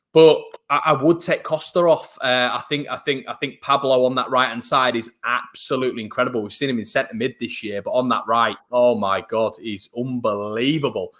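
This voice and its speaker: A man co-hosts a live fan watchalong and rambles through his takes to the viewers. His voice is bright and forward, set at an ordinary middle pitch. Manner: rambling, chatty opinions to viewers. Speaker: co-host of a fan watchalong stream. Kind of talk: casual live match chat.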